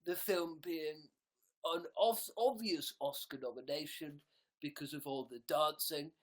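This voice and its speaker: Man playing a pompous food reviewer, mock-grand, slow and formal. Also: fairly high pitch, lightly acted, low-quality recording. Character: pompous male food blogger.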